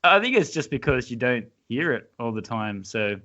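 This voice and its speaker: A man's voice: medium pitch, big pitch swings, normal speed, sharp tone, lo-fi sound. A man from Australia with an Australian accent, hosting a casual podcast interview and laughing often. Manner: laughs often, easygoing, chatty. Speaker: podcast host.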